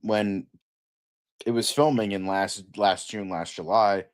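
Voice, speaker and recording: A man with a lowish voice chats loosely on a pop-culture podcast, filling his thoughts with ums and likes. He rambles and cracks jokes between points. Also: fairly even intonation, takes it slowly. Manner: joking, rambling with fillers. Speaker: podcast co-host. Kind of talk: casual pop-culture chat.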